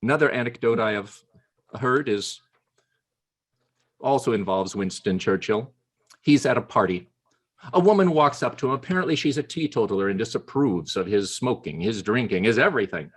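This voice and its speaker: Husky male club speaker, lively pitch, humorous anecdotes, video call. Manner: storytelling with playful pauses. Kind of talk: humorous prepared speech.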